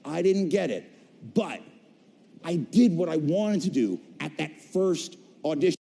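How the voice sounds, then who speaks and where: Animated man storytelling on a big stage. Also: on the high side, measured pace, gravelly, breathy edge. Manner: animated storyteller, acts out voices and jokes. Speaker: voice actor telling his career story. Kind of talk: stage talk to a convention audience. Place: large convention hall stage. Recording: long hall reverb.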